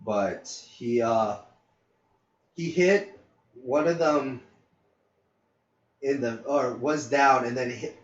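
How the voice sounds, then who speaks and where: A man's voice: medium pitch, takes it slowly, pauses often. A man co-hosting a podcast, telling a long work story in a rambling casual way, with many fillers and some swearing. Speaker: podcast co-host. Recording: roomy, distant, dull lo-fi mic.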